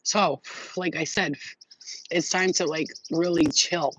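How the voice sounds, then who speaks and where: A woman's voice: sits low, fairly even intonation, takes it slowly, fairly bright tone, a little hiss or hum. Woman, psychic livestream host, casual, brash, profane, laughs a lot, dull lo-fi recording. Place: at home. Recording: dull lo-fi sound.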